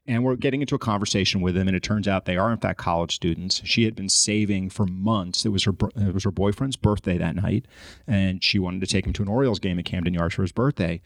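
Brief: male podcast guest, rapid-fire anecdote, dry close sound. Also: low voice, gravelly, no echo. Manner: animated storyteller, acts out his own frustration. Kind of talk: storytelling in casual podcast chat.

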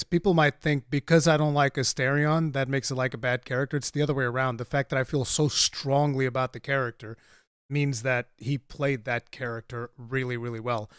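A man's voice: mid-range voice, smooth, dry recording. Blunt, opinionated man with a dry sound. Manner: blunt and opinionated, swears, gets animated. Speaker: gaming podcast co-host. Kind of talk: casual chat.

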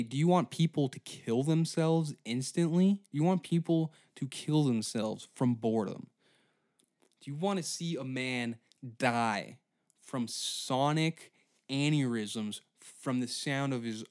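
A man's voice: medium pitch, takes it slowly, darkish tone, no room sound. Sarcastic, swearing man in a comedy podcast rant, dry sound. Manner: profane, incredulous, sarcastic. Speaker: podcast host. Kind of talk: comedic ranting chat.

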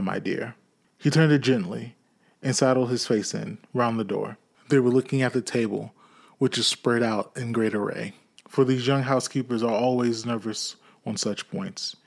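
Guy reading an old novel out loud, steady and measured, mid pitched voice. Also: gravelly. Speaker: audiobook reader. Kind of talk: reading a classic novel aloud.

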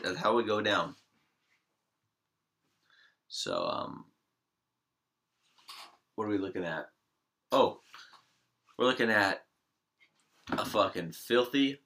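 A young man in casual chat, blunt, crude and deadpan. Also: fairly low pitch, slow pace, vocal fry, pauses often.

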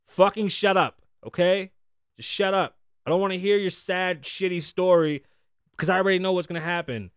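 A man's voice: high-pitched, moderate pace, clear, resonant tone, dry recording, clean studio sound. A man hosting a podcast, telling stories in a casual, profane, exasperated rant. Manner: profane, animated, exasperated storytelling. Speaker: podcast host. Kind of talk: casual ranting monologue.

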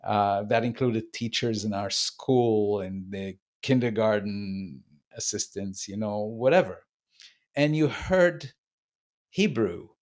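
A man in his seventies from Israel, a podcast guest telling a memory slowly, searching for words and restarting. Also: mid-range voice. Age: 70s. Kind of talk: reflective storytelling conversation.

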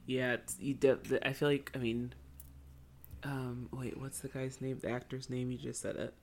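A podcast co-host in casual chat, halting and searching for words with many fillers. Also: mid-range voice, little pitch movement, a little mellow.

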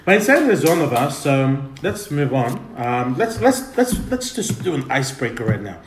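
A man's voice: medium pitch, very animated, normal speed. Laid-back man hosting a podcast. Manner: laid-back, chatty, gives shout-outs. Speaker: podcast host. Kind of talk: casual podcast chat. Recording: roomy room with faint noise.

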